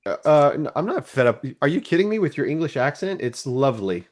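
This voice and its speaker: A man's voice: a little high, sing-song, a little fast, darkish tone. A man with a Southern accent, co-hosting a podcast and explaining a Bible passage in a chatty, filler-filled way. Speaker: podcast co-host. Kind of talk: casual Bible discussion.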